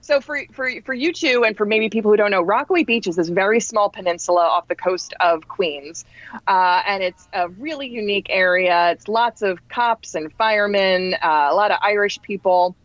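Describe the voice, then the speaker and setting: A woman's voice: moderate pace, no room sound. Woman from New Jersey telling an anecdote. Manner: lively, acts out quoted people with raised pitch. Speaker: podcast guest. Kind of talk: casual storytelling anecdote. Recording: dull, dry lo-fi podcast audio.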